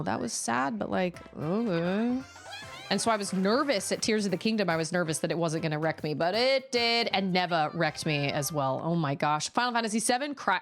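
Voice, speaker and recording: A young woman talking casually with her chat while playing a video game, chatty and animated. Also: fairly low pitch. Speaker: streamer. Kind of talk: casual live-stream chat while gaming. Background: faint game music.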